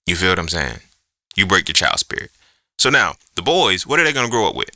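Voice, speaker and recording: A man's voice: deep voice, sing-song, fairly quick, pushed and bright, dry recording, studio quality. A man hosting a podcast alone, ranting in a profane, emphatic way and throwing out rhetorical questions in an unscripted monologue. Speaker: podcast host.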